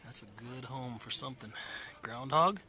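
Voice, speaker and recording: Guy rambling outside on a stream, cussing and joking, loud outdoor noise behind him. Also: medium pitch, moderate pace. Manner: rough-spoken and joking, with frequent swearing. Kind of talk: casual outdoor livestream chat. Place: outdoors in a wooded backyard.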